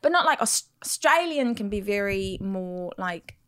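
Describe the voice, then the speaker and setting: Lively woman in her forties. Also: mid-range voice, unhurried, no echo, studio quality. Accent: American, slips toward South African. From South Africa. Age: 40s. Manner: animated, laughs often, does accents. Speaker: podcast guest. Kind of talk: casual chat.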